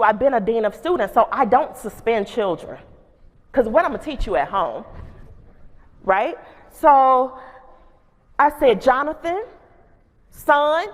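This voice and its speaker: A woman principal giving a humorous storytelling keynote, animated and full of call-and-response asides to the audience. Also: on the high side. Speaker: keynote speaker and school principal. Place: large conference hall. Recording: long reverb of a conference hall.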